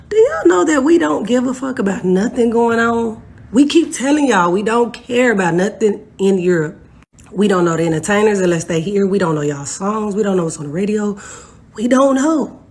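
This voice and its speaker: A woman's voice: medium pitch, darkish tone. A woman delivering a mocking social media rant, scolding her listeners.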